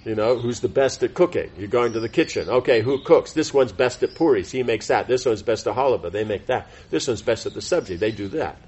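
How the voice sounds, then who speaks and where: Husky man giving a rambling class. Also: medium pitch, expressive, brisk, hardly any pauses, darkish tone. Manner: rambling, many fillers and self-corrections. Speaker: spiritual teacher giving a class. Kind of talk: informal devotional class talk.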